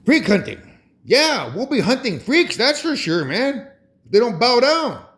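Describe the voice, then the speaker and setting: Rambling, chuckling man with lively pitch. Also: a little slow. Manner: rambling, chuckling often, restarting phrases. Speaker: vlogger. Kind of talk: rambling monologue.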